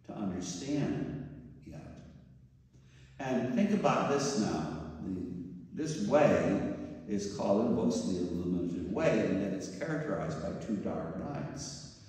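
An older male priest preaching a parish mission and telling funny stories, his low voice rising and falling in lively swings. He sits well back from the mic, so his words wash through a large, echoing church with a long reverb tail. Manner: storytelling, mimics voices and groans for humor. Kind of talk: sermon with personal anecdotes. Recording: echoey church hall from far off.

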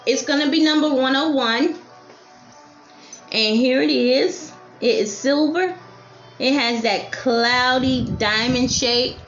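Woman, jewelry seller on a live stream, slightly high voice, repeats item numbers and calls each piece lovely. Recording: roomy lo-fi stream with faint music.

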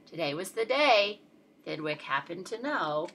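A woman reading a rhyming picture book aloud in a lively, expressive, sing-song way. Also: fairly low pitch, a little slow, slightly rough. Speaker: storyteller.

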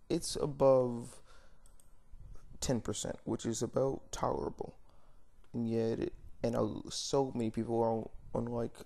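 A warm, medium-pitched male voice with vocal fry belongs to a young vlogger in an unscripted rant to camera. He rambles bluntly, leaning on fillers and frequently correcting himself.

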